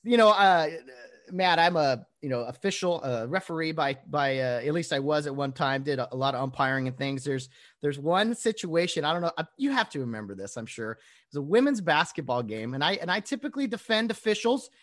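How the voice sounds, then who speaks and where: A man hosting a casual interview, halting with fillers as he sets up a story. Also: fairly high pitch, lively intonation, fairly bright tone. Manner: halting, with many fillers and restarts. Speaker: host, former referee.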